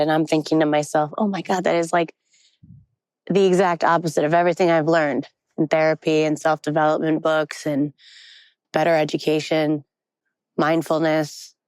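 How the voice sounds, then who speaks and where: A woman's voice: lowish voice, clear, resonant tone, dry recording, rough recording. A woman telling a candid, rambling story into her phone while hiking on an outdoor forest trail. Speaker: vlogger. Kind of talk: casual storytelling vlog. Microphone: phone held while walking.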